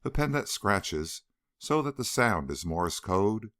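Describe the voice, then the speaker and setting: A man narrating an audiobook with expressive storytelling. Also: fairly low pitch, measured pace, dry recording, clean studio sound. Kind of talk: scripted narration.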